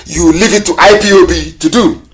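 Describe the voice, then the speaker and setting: A man from Nigeria delivers a live political broadcast with a slightly raised pitch. His oratory is impassioned and scornful, and he hammers points home through repetition. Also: fairly even intonation, fairly quick. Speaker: broadcast host.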